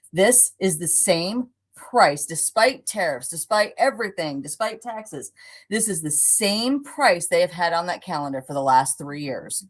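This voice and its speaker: A woman hosting a live craft product showcase as the shop owner, brisk and emphatic. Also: on the low side.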